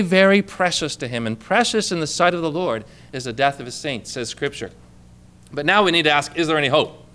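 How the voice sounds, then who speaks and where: A male pastor preaches to his congregation in a high, bright voice. His delivery is clear and conversational, full of questions to the room and calls for an amen. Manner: conversational preaching with many rhetorical questions, asks for amens. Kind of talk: sermon. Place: church with a congregation.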